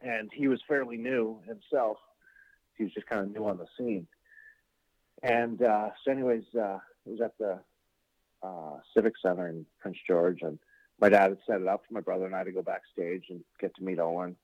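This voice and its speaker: A middle-aged man telling a story in casual chat, animated and swearing freely. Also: fairly low pitch, moderate pace. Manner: animated, swearing, acting out quotes. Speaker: podcast guest. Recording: dull lo-fi sound.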